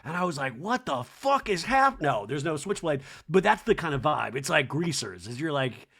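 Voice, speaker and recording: A man hosting a podcast, recapping reality TV in a chatty, animated, profane way. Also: a little high, a little fast, creaky, slightly rough. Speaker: podcast host.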